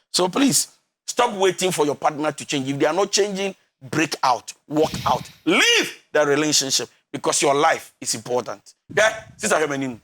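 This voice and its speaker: High bright-voiced Ghanaian male counselor. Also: expressive, moderate pace. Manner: preachy, emphatic, laughing often, mixes English and Twi. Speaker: relationship counselor. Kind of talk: animated counselling talk.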